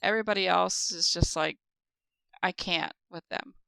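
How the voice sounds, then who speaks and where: A woman's voice: lowish voice, normal speed, creaky, bright, forceful tone, clean tone, dry recording. A woman co-hosting a podcast, telling stories in a rambling, chatty way with lots of fillers. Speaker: podcast co-host. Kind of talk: casual chat.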